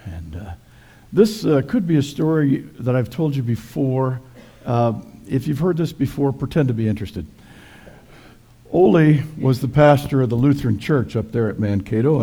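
A male pastor delivers a sermon full of folksy jokes. His voice is dark and mellow, with a gravelly, husky grain. He tells stories in a relaxed, wry way. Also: mid-range voice. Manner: folksy, joking.

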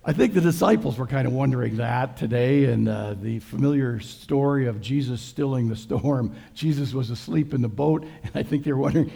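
A middle-aged male pastor delivers a sermon in a relaxed, folksy, storytelling way. His voice is gravelly and husky, with a dark, mellow timbre. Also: medium pitch, a little fast, hardly any pauses. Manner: folksy, conversational storytelling with jokes.

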